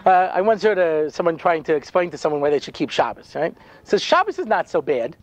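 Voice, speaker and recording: A rabbi giving a humorous storytelling talk, full of dry sarcasm and frequent "you know" asides. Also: male voice, fairly high pitch, lively intonation, brisk, highs cut off.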